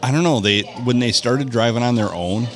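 A man co-hosting a podcast, chatting at a bar in a relaxed, matter-of-fact way. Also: mid-range voice, a little fast, soft background music, a faint crowd. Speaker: podcast co-host. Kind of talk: casual bar chat. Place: bar on a Monday night.

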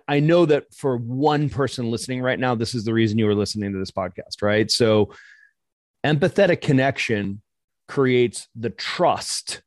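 A man co-hosting a coaching podcast, talking quickly and acting out his stories. His voice sits at a middle pitch. It is recorded dry and close. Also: no room sound. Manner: lively, animated storyteller. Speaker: podcast co-host coaching chiropractors. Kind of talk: casual podcast conversation, storytelling.

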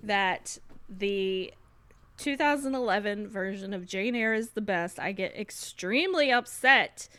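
A woman's voice: medium pitch, animated, unhurried, sharp tone. A woman co-hosting a casual podcast chat, emphatic and opinionated, laughing often. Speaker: podcast co-host.

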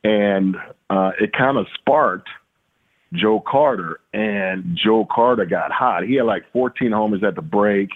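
A man's voice: lowish voice, measured pace. A middle-aged man from Louisiana, a former baseball player, telling stories in a rambling, casual way with many fillers and repeated words. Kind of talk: casual storytelling interview. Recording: tinny phone-like line.

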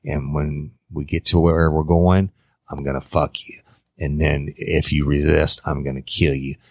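A man voicing a brutal male kidnapper who speaks in low, flat threats. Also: a little slow, vocal fry, no echo, studio quality, exaggerated voice. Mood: threatening.

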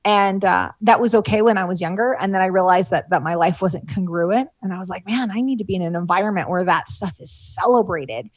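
A woman's voice: medium pitch, a little fast, hardly any pauses, no room sound. A woman business coach telling personal stories in an interview, with many fillers and restarts, moved at times. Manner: warm storytelling, frequent fillers, gets emotional. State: tearful at times. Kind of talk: conversational interview.

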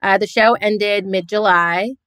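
A woman speaking as a guest on a casual podcast, chatty and easygoing. Her voice is close and dry, with no room sound. She talks in a relaxed, offhand way. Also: medium pitch, a little slow, no room sound. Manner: easygoing, laughs between thoughts.

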